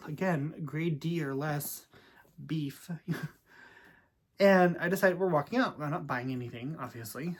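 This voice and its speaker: A man vlogging in a casual storytelling style, chatty and sassy with dramatic asides. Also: fairly high pitch. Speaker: vlogger and real estate agent.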